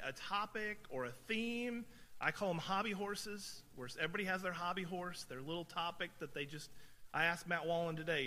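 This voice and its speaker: A male preacher with a high, bright, ringing voice delivers a conversational sermon. He stresses points by repeating words, and his voice trails off into a long reverb that fills the church hall. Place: church sanctuary.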